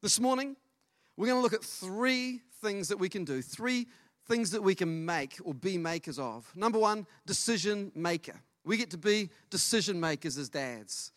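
A middle-aged man preaching a sermon as pastor, lively and storytelling, acting out dialogue. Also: sits high, moderate pace, no echo, clean studio sound. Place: church service.

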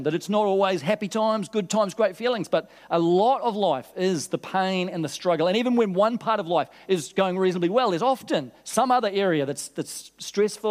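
Male pastor, high voice, earnest conversational sermon delivery, reverberant church hall. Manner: earnest, conversational, asks the congregation questions.

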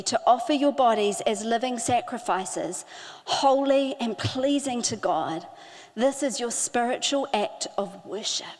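Woman preaching, fairly high voice, slow earnest emphasis, long hall echo. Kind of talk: sermon.

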